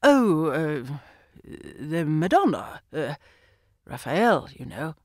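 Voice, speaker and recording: A woman's voice: sits low, big pitch swings, takes it slowly, a little mellow, no room sound, studio quality, pitched below the performer's own voice, heavily acted. A woman reading an audiobook, voicing a nervous, evasive male secretary who stumbles over fillers. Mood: flustered. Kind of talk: audiobook character voice.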